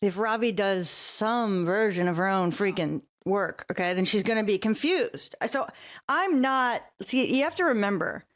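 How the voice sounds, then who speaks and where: A woman's voice: medium pitch, animated, moderate pace. A woman co-hosting a podcast in casual chat, teasing her friend and pressing her with probing questions. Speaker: podcast co-host.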